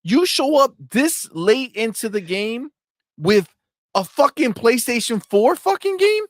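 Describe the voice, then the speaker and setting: A man's voice: very high-pitched, very animated, a little slow, no room sound, clean studio sound. A man co-hosting a gaming podcast in casual, heated banter, swearing freely and talking animatedly.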